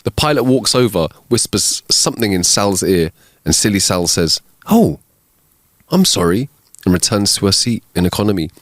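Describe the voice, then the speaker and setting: A man co-hosting a comedy podcast, reading listener jokes aloud with animated delivery and put-on voices for the characters. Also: on the low side, fairly quick, no room sound, studio quality. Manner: animated joke telling with big laughs and put-on voices. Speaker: podcast co-host.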